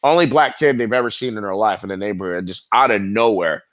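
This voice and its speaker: A middle-aged man with a bright, forceful voice, spinning loose stories as an interview guest. He rambles, swears freely and leans on fillers, in a dry, close recording. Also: fairly low pitch, fast talker, no room sound. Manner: rambling, profane, heavy with fillers. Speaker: guest skateboarder. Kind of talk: casual storytelling interview.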